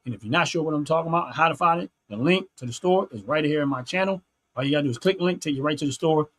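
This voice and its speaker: A man's voice: a little high, racing. Earnest man on a preachy rant. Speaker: channel host. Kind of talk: solo opinion monologue.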